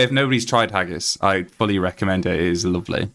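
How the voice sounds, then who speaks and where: A Yorkshire man chatting on his game stream. His voice sits low and relaxed. He rambles freely, reads text aloud, and fills the gaps with ums and uhs. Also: fast talker, hardly any pauses. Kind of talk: casual live-stream chat.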